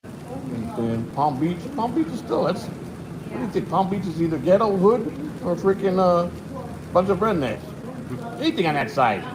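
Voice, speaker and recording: A man from Chicago, a guest, telling stories fast and swearing often. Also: sits high, big pitch swings, background noise. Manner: fast, profane storytelling. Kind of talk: casual chat.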